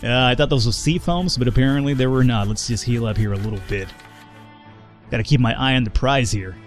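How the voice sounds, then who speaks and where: A man giving let's play commentary as a channel host, excitable and profane, joking and laughing often, a little tipsy and slurring. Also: medium pitch, brisk, faint music behind.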